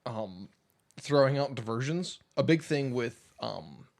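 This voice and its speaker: A man's voice: medium pitch, expressive, unhurried, gravelly. A man co-hosting a podcast in casual chat, rambling through a fan theory with enthusiasm. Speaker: podcast co-host.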